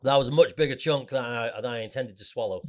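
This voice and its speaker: A man's voice: medium pitch, a little fast, a little mellow. A man with a Mancunian accent, co-hosting a casual podcast chat, jokey and rambling, talking while he eats. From Manchester, England. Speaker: podcast co-host. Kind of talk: casual chat over food.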